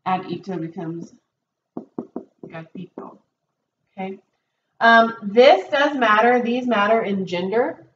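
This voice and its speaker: Her voice medium-pitched with lively intonation, a woman teaching Spanish walks students through a test review slowly, pausing frequently. She's patient and says um and okay a lot, captured in a dull, roomy recording with faint noise.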